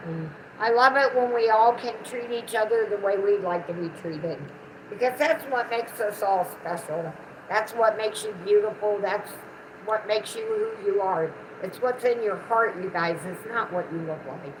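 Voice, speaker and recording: A woman's voice: medium pitch, normal speed, noisy background. A middle-aged woman with a Southern American twang, chatting affectionately on a casual livestream. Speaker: co-host of a livestream, the channel owner's mother.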